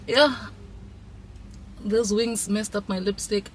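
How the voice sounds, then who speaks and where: Talking slowly in a medium-pitched voice, a woman films an emotional, casual vlog from a car and a dealership lot, laughing and tearing up. Music is clearly audible behind her, with slight background noise too.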